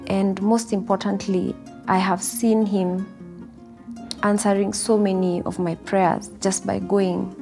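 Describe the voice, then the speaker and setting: Earnest woman with a gravelly edge. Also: mid-range voice, flat delivery, takes it slowly. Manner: earnest storytelling, reenacts her own quotes. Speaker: devotee sharing testimony. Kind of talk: personal spiritual testimony. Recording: soft guitar music underneath.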